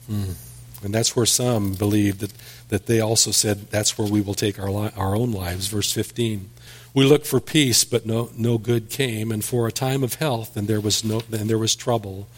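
A man's voice: lowish voice, normal speed. A man preaching a sermon, reading scripture aloud and then explaining it in plain words, with small restarts. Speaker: pastor.

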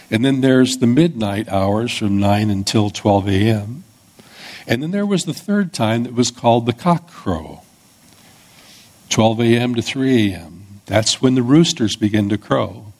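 Husky-voiced man preaching a sermon. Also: medium pitch, a little mellow. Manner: conversational teaching with small restarts. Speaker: pastor. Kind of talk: expository sermon.

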